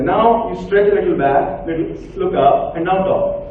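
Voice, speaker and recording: A man's voice: high voice, moderate pace. A man with an Indian English accent giving an interactive workshop talk, directing volunteers with short commands. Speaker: workshop speaker. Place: large hall with an audience. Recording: echoey hall, far from mic, tinny.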